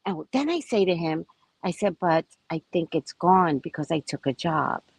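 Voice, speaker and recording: A woman telling a story to her viewers in a chatty, frank and animated vlog, now and then profane. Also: on the low side, normal speed, slightly rough, no echo, low-quality recording. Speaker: vlogger. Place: at a resort.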